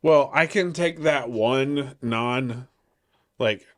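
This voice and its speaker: A man's voice: very slow, fairly bright tone. Laid-back guy on a couple podcast, dry and understated, not big on emoting. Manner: low-key, dry and understated. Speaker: podcast co-host. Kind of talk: casual couple chat.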